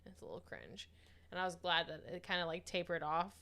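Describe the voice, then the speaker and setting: A woman co-hosting a podcast in casual chat, blunt and chatty, quick to laugh. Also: on the low side, animated, gravelly, a bit bright. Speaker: podcast co-host.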